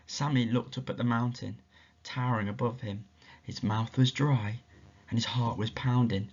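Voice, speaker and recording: Man teacher telling a story to schoolchildren, expressive, lo-fi muffled recording. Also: mid-range voice, moderate pace. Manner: expressive, asks the children questions.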